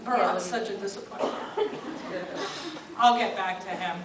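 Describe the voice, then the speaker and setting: A woman's voice: medium pitch, steady tone, normal speed. A woman in her thirties performing a stand-up comedy set, chatty and self-mocking, with lots of ums and asides. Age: 30s. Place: live comedy venue. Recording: far-off roomy live club recording. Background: loud audience laughter and noise.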